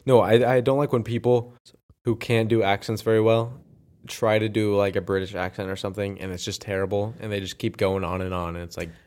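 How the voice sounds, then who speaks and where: A man's voice: lowish voice, fairly even intonation, fairly quick, a little mellow. A man co-hosting a podcast, joking around and moving the chat into its next segments. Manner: jokey, leads into segments. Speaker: podcast co-host. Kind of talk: casual podcast banter.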